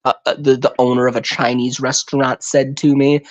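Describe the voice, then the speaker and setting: A man's voice: medium pitch, flat delivery, a little fast, muffled recording. A man in casual chat on a live stream, rambling and tripping over his words. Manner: rambling, stumbles over words, slips into put-on voices. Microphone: home microphone on a live stream.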